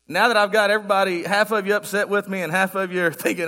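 A man's voice: high voice, fairly even intonation, quick pace, sharp tone. A man giving a sermon as guest pastor, joking and conversational with the congregation in a church. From United States. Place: church sanctuary.

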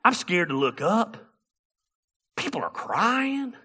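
A man preaching a sermon as a pastor, telling a story in an animated, humorous way. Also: sits high, slow pace, breathy edge.

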